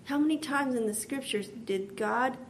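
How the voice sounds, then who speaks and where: A woman's voice: sits high, moderate pace, slight background noise. A woman preaching a devotional sermon in an earnest way, repeating phrases as she builds her point.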